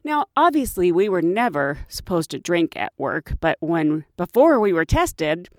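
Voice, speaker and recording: A woman who works as a flight attendant, telling work stories in a casual, animated way and often laughing. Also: on the low side, unhurried, no echo, clean studio sound. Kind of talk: casual storytelling.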